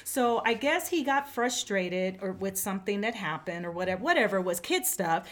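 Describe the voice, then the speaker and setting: A woman's voice: medium pitch, normal speed. An older woman co-hosting a Christian podcast, telling a family story in a casual way and acting out the quoted voices. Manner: animated, acts out quoted dialogue. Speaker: podcast co-host.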